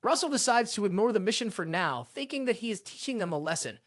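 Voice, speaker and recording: A narrator reading a fantasy comic recap as scripted storytelling in a steady manner, recorded close on a voice-over mic. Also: mid-range voice, fast, no room sound.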